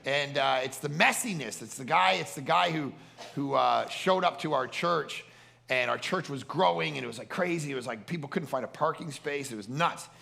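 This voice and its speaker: A man's voice: on the high side, moderate pace, vocal fry, bright, forceful tone. A man preaching a sermon at a family camp, telling stories animatedly and acting out the people he quotes. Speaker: pastor.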